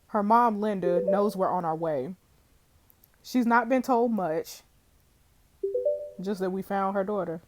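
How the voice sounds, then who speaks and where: Young woman reading a detective game out loud, does all the characters in her normal voice, middle pitch, throws in little side comments. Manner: reads every character's lines in her own voice, with asides. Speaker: streamer playing a detective game.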